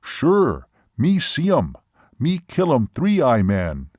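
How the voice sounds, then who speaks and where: A man's voice: mid-range voice, huge pitch swings, a little mellow, no echo, studio quality, exaggerated voice. A man doing a terse, emphatic fisherman. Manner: clipped, emphatic, halting phrases. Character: terse fisherman speaking broken English, solemn.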